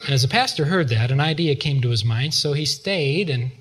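A man's voice: mid-range voice, animated, fairly quick, breathy edge. A man preaching a sermon, retelling a story and acting out the voices of its people. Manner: acts out voices in a retold story, chuckles at times.

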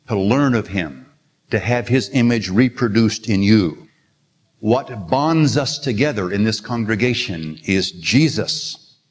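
A man's voice: on the low side, slightly rough. Older male preacher in a reverberant hall. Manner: earnest, storytelling, quotes scripture with emphasis. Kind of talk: sermon. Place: church sanctuary. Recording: long reverb of a large hall.

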